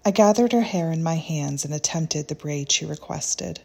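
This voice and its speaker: A woman reading a reflective first-person story in a gentle, unhurried, tender way. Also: sits low, gravelly.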